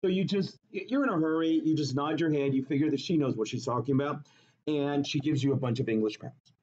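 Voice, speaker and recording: Animated, jokey male chemistry teacher. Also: a little high, fast, lo-fi sound. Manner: animated, jokey, asks the class questions. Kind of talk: classroom lecture with storytelling.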